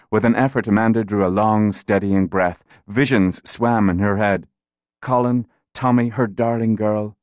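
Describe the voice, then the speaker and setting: A man narrating an audiobook in a calm, measured way. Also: lowish voice, dry recording, clean studio sound.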